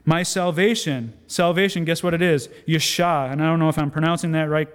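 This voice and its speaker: A man preaching a sermon as a guest speaker, animated storytelling with acted-out quotes and self-deprecating humor. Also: a little high, a little fast, clear, resonant tone. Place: church sanctuary. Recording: long church hall reverb.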